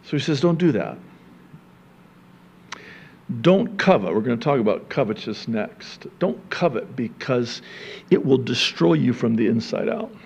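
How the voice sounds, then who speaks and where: With a gravelly, husky voice and lively intonation, a male pastor delivers his sermon at a moderate pace, shifting from loud, high-pitched emphasis to soft, low asides and chuckling with the congregation as if in conversation. The highs are cut off in the recording.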